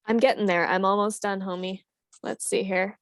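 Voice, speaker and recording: A woman's voice: medium pitch, fairly even intonation, moderate pace, a bit bright, no echo, clean studio sound. A woman co-hosting a livestream, chatting playfully and laughing easily. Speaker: livestream co-host. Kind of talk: casual livestream chat.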